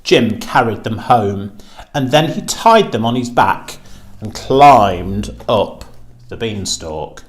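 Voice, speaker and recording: A man reading a children's storybook aloud, with a slow and expressive delivery. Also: lowish voice.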